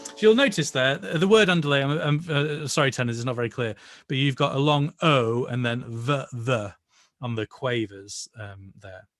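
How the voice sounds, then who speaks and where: A man with a British accent leading an online choir rehearsal, singing each part and then gently explaining it. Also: mid-range voice, moderate pace, no echo. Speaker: choir director. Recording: voice over loud music playback.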